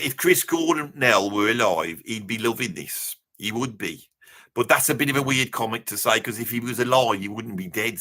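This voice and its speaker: A guest on a live reaction stream, this middle-aged Birmingham native talks in a sharp, medium-pitched voice with a Birmingham accent. He rambles, jokes and brags in mock fashion while reading the viewers' comments aloud.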